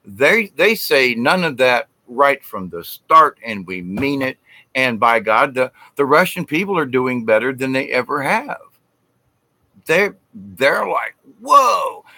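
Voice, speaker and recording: Bright-voiced man rambling. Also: medium pitch, expressive, measured pace, no echo. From United States. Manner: rambling, self-interrupting, conspiratorial. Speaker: channel host. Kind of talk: casual rambling monologue.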